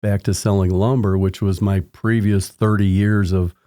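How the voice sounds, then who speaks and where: A man's voice: lowish voice, flat delivery, normal speed, mellow, no echo, clean studio sound. A man in his sixties, a podcast guest telling long anecdotes in a casual interview, rambling with restarts. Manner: rambling anecdotes with frequent restarts, acting out quoted people in raised voices. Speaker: podcast guest, home inspector.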